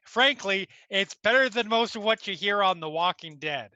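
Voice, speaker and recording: A man chatting between game turns, giving quick, firm opinions. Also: high voice, animated, bright, forceful tone, no echo, highs cut off. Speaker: player. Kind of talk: casual chat.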